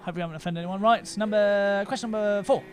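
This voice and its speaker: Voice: medium pitch, fast talker. A quiz host on a casual livestream, teasing and joking between questions.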